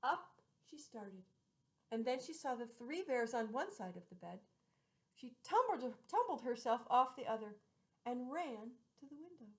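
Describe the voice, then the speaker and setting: A woman's voice: on the high side, very animated, poor audio. A woman reading a fairy tale aloud, drawing out repeated phrases and dropping some words to a whisper. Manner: drawn-out repetitions with hushed, whispered words. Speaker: storyteller.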